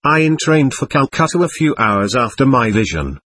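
Give me a man with a husky, breathy voice reading a memoir audiobook in an earnest, measured way, recorded dry and close. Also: medium pitch, very animated, a bit bright, no echo. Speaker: narrator.

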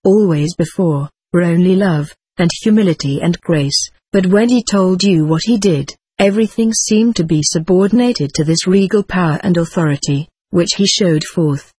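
A loving, tender female spirit, read aloud by a narrator in a slow, measured delivery. The voice carries a faint huskiness. The recording is close and dry. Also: medium pitch, darkish tone, husky, no echo, close to an everyday voice. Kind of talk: reading channeled spirit letters aloud.

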